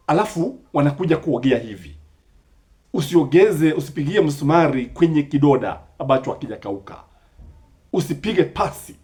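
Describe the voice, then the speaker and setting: A man's voice: medium pitch, mellow. A Kenyan man giving impassioned commentary, firing rhetorical questions and Swahili sayings.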